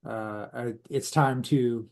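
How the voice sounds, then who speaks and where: A man's voice: mid-range voice, steady tone, slow pace, a little mellow. A man co-hosting a comics podcast, making casual announcements with fillers. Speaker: podcast co-host.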